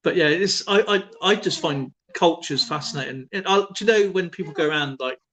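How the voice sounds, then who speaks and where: A man chatting loosely on a live stream, his voice pitched a touch higher than most men's. He rambles, doubles back and fills pauses with ums and you-knows as he talks. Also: fairly bright tone. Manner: rambling, with many fillers and restarts. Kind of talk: casual chat.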